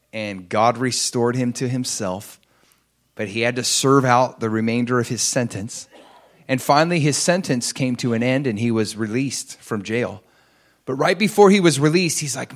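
Man preaching a sermon story. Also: medium pitch. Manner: acts out quoted voices, swings between hushed and raised. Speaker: pastor.

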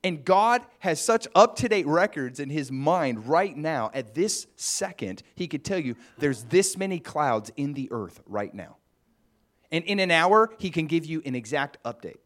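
Male pastor, conversational sermon, animated lilting delivery. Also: a little high, unhurried. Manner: chatty, musing, with asides to the congregation.

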